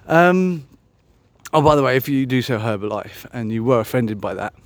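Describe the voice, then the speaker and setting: A man's voice: medium pitch, expressive, normal speed, dry recording. A man musing aloud on a solo podcast, meandering and self-mocking, with many ums and restarts. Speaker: podcast host. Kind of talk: rambling solo podcast chat.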